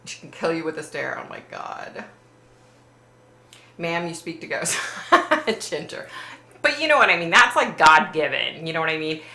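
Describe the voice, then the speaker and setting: A woman's voice: low voice, very animated, normal speed, pauses often, sharp tone. A woman hosting a live stream, chatting casually, reading viewer comments and swearing bluntly with a giggle. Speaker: livestream host. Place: warm room under bright lights. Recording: roomy echo.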